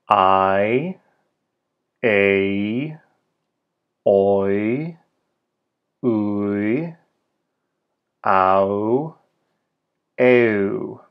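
A man teaching a pronunciation lesson, speaking slowly and repeating each word so learners can follow. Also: on the low side, muffled recording. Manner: slow, deliberate, repeats words for learners. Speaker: language teacher.

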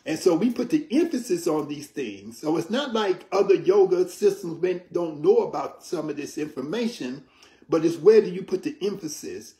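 A man teaching about yoga in an interview, in a measured, explanatory way, often checking in with "right?". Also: a little high, lively intonation, dark tone. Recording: roomy echo.

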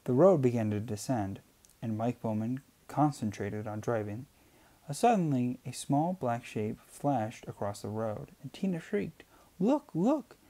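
A man reads a novel aloud at a steady pace, stumbling and restarting now and then. His voice is mellow and mid-pitched. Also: measured pace. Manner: steady, with small slips and restarts. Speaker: amateur reader. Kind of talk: audiobook reading.

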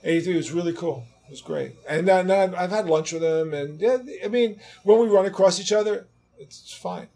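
A man in his sixties with a voice pitched a little above the usual male range. He tells stories from the road in a lively, casual way, swearing freely and acting out the people he quotes. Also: moderate pace, vocal fry, soft background music. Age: 60s. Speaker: interview guest, rock guitarist. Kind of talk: casual anecdote telling.

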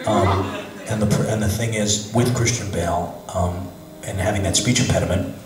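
Chatty male panel host at a con, lowish voice, roomy hall. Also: steady tone, normal speed. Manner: chatty, self-interrupting. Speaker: voice actor panelist and moderator. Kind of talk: convention Q&A chat. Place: convention hall.

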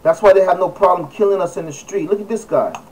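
Emphatic man, fairly high voice, distant mic. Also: quick pace, a little mellow. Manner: emphatic, repeats phrases, many fillers. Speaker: video blogger. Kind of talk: casual vlog commentary.

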